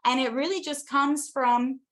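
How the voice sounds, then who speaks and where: A young adult woman from the United States telling travel stories as an interview guest, animated and enthusiastic, with many quick asides. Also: sits high. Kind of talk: casual storytelling in an interview.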